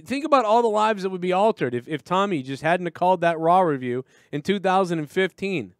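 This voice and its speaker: Brief: swearing New host, slightly high voice, dry close sound. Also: male voice, animated, a little fast, no echo. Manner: profane, rambling storytelling. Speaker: live show host. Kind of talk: casual chat.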